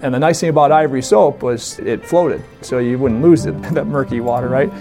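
Gravelly man telling a lively story. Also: mid-range voice, a little fast, faint music behind. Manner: animated, laughs often, mimics voices in quotes. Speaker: storyteller guest. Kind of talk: casual anecdote.

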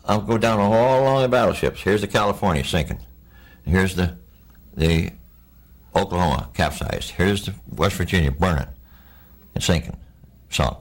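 An older man, a war veteran, recounting his memories in a plainspoken, halting oral-history interview. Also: sits low.

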